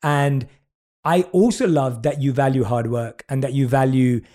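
A man's voice: medium pitch, moderate pace, warm tone. A British man interviewing a guest, effusive and full of praise, reading passages from her book aloud. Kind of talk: warm podcast interview.

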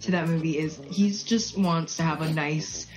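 A woman's voice: low-pitched, normal speed, a little mellow. A woman co-hosting a casual chat, telling anecdotes with fillers and giggles. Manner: chatty, giggly, many fillers. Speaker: podcast co-host.

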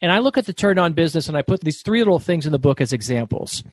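A middle-aged man telling stories as a guest author in an interview, talking fast and loud. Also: on the high side, breathy edge, no echo. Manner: fast, loud, animated storyteller. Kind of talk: storytelling interview.

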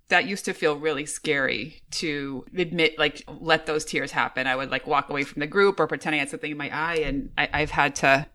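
A woman with a low but bright, forceful voice shares a personal story in a podcast chat. She speaks openly and expressively, with a lively storyteller's touch. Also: brisk, hardly any pauses. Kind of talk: casual conversation.

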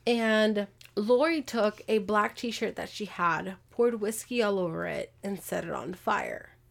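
A woman with a touch of vocal fry hosts a casual true-crime podcast. She tells the case in a conversational way and throws in exasperated comments. Her pitch sits in a middle range. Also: a little slow. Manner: animated, acts out quotes, exasperated asides. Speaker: podcast host.

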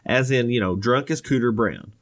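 A man's voice: medium pitch, normal speed. A man hosting a podcast in casual chat, rambling and joking with lots of fillers. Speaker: podcast host.

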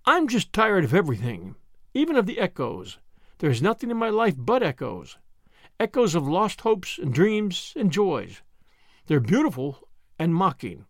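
A man's voice: a little high, huge pitch swings, moderate pace, no room sound, clean studio sound, exaggerated voice. A man reading as a wistful, dramatic middle-aged lady. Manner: sighing and dramatic. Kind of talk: audiobook character reading.

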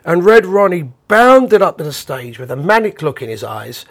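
A man, a bandleader, casually telling a rambling, animated anecdote with the odd chuckle. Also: fairly high pitch, normal speed.

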